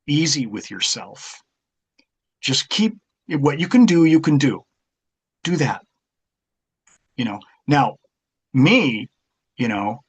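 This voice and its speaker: Husky guy rambling thru stories, lots of ums and restarts. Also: medium pitch. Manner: rambling storyteller, halting with fillers and restarts. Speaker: guest martial arts author. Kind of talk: casual interview chat.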